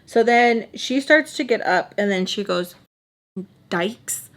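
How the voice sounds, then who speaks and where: A woman's voice: fairly high pitch, animated, normal speed. A woman in her twenties telling a story in a casual, chatty way, filling her sentences with "like". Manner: chatty, peppered with "like", acts out quotes. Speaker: storytime vlogger.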